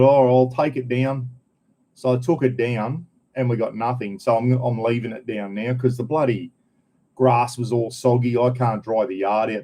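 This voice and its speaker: A man's voice: medium pitch, dark tone. Laid-back Queenslander chatting to viewers. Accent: North Queensland Australian. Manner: laid-back, rambling, broad colloquial slang. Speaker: vlogger. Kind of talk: casual chat to live viewers. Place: home, indoors.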